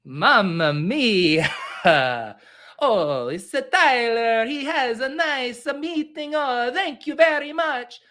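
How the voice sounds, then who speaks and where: A man putting on a cartoonish, over-caffeinated Italian office boss with a broad fake Italian accent, gushing in drawn-out, sing-song praise. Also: very high-pitched, sing-song, sharp tone, voice pushed up, full character voice. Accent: put-on Italian.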